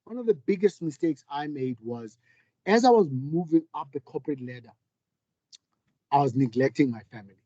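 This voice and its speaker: This middle-aged man speaks with a fairly high but mellow, warm voice, telling his story in a candid, earnest way. The sound is dry and close, with a slightly dull, muffled quality. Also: expressive, normal speed, no room sound. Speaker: panel speaker, business leader. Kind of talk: reflective public talk.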